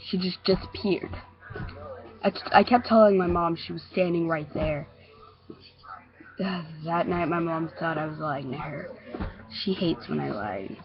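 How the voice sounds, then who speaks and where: A woman narrating a first-person creepy story in a hesitant, halting way, in a dull lo-fi recording. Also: fairly low pitch, over music. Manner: hesitant, halting, with repeated restarts.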